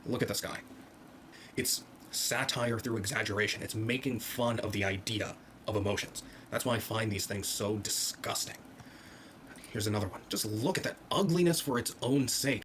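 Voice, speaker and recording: A man's voice: lowish voice, fairly bright tone, slight background noise. A man delivering a contemptuous, lecturing monologue, played back sped up to double speed. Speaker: video commentator.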